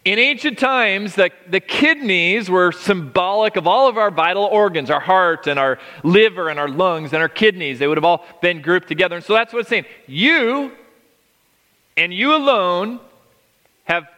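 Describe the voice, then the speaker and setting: Middle-aged male pastor, emphatic sermon delivery, bright tone, long hall reverb. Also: sits high, animated. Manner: emphatic, drawn-out words with frequent restarts.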